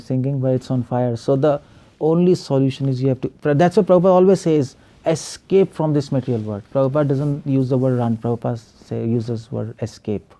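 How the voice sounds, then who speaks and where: A man's voice: medium pitch, mellow. A male preacher giving an online spiritual class over a video call, firing rhetorical questions at the class and chuckling often.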